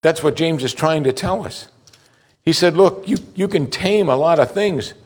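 A man preaching a sermon, rising loud on high points and dropping low and slow for scripture, asking listeners direct questions. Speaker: pastor.

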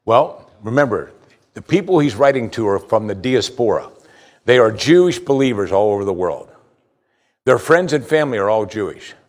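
A man preaching a sermon, reading scripture aloud and explaining it with emphatic rises and quiet low asides. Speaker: pastor.

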